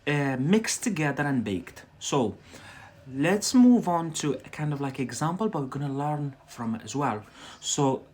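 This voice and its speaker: A man's voice: on the high side, animated, measured pace, darkish tone, husky. A man with a Scottish-influenced accent teaching English on a casual livestream, chatty and loose, repeating words for his viewers. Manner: talks to viewers directly and stretches out key words.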